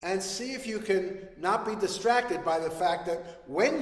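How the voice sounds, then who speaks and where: Male music teacher, high voice, direct playful coaching, roomy recording with a long reverb tail. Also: unhurried. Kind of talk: webinar coaching. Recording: echoey room with long reverb.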